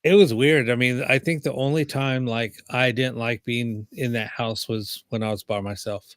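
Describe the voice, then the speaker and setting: A man's voice: mid-range voice, steady tone, moderate pace, no echo, clean studio sound. A male host in casual chat, laid-back, laughing a little as he tells a story. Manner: laid-back, laughs while telling stories.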